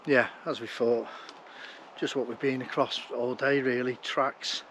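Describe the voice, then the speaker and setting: A man's voice: medium pitch, level tone, a little slow, a bit bright, a little hiss or hum. A tired man, chatting casually to an action camera outdoors as he walks. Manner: chatty, rambling, blunt. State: tired from walking. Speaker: hiking vlogger. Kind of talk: casual talk to camera while walking. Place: outdoors on a walking route. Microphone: action camera held while walking.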